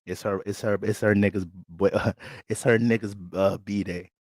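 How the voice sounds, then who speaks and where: A man with a lowish voice delivers a casual astrology forecast, blunt and streetwise, with profanity all through. The sound is dry and close, with no room echo. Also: steady tone, a little slow. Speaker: astrologer giving a sign reading.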